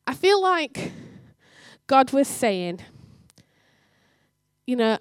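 A woman giving a sermon in church, telling a story and acting out the dialogue with lively energy. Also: sits high, very slow, smooth, dry recording, clean studio sound. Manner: animated storytelling, acts out dialogue. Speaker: church speaker.

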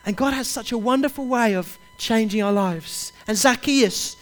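A man's voice: extremely high pitch, moderate pace. A man preaching a sermon, urging his listeners directly and repeating his key phrases with passion. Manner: impassioned, repetitive, urges listeners directly.

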